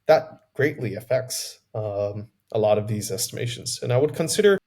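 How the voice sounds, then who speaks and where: A man's voice: lowish voice, expressive, moderate pace, creaky, a little mellow. Man thinking aloud in an interview. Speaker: interview candidate. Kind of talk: answering an interview question.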